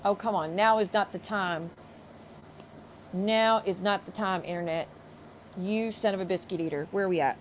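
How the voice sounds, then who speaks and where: A woman's voice: medium pitch, moderate pace, long pauses, slight background noise. A woman hosting a livestream, ranting angrily with heavy profanity and sarcastic mockery. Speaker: streamer host. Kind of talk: livestream rant.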